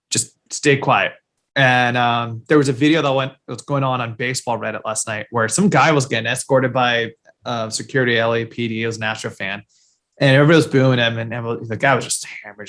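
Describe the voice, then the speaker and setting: A man's voice: medium pitch, fairly bright tone. Rambling man on a sports podcast. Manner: loose and rambling, heavy on fillers, swears casually. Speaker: podcast co-host. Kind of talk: casual sports chat.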